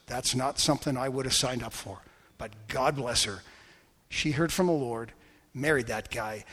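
A man pastor preaching a sermon before a congregation, telling a story earnestly and praying with fervor, with soft, intense drops. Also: mid-range voice, husky. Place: church sanctuary before a congregation. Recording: echoey church hall.

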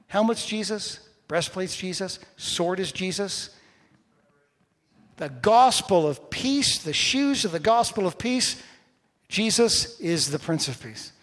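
A pastor with a fairly high voice delivers a sermon, trading casual questions with his congregation and then surging into loud, emphatic lines. His voice rings out in a church hall with a long, lingering reverb. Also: lively intonation, slow. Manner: building to loud emphatic bursts; conversational with the congregation.

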